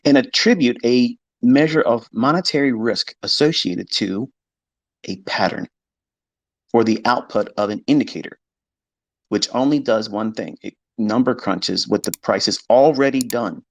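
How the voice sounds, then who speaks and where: Man, mid pitch, blunt and profane, casual monologue to a live audio audience. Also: measured pace. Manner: blunt, emphatic, swears, mimics skeptics in quoted asides. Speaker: trading educator hosting a live audio space. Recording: live audio chat stream.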